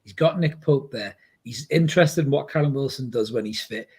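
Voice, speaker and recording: A man with a Newcastle accent shaded by Scottish roots talks football in a quick, husky voice. He is a chatty co-host who jokes easily and keeps dropping "mate" into his points. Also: medium pitch, darkish tone. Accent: Geordie with Scottish roots. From born in Glasgow, raised in Newcastle. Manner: chatty, jokey, says "mate" often. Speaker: podcast co-host. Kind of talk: casual football chat.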